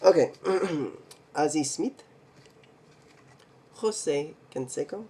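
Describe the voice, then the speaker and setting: A man hosting a card collecting video, slowly reading names off cards, stumbling over some and making little jokes to himself. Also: a little high, animated, mellow, slightly rough. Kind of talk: casual mail day card showcase.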